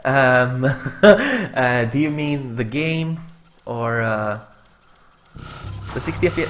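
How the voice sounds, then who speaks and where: A man streaming a game live, commentating casually, laughing often and yelling when the game beats him. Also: medium pitch, unhurried. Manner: excitable, laughs often, yells in frustration. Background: game music.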